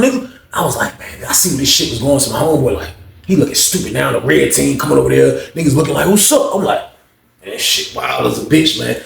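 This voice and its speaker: Brief: man in an echoey room, quick streetwise storyteller who does everyone's voices. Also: mid-range voice, expressive, gravelly. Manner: acts out other people's voices while retelling; streetwise slang, frequent swearing. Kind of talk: casual storytelling.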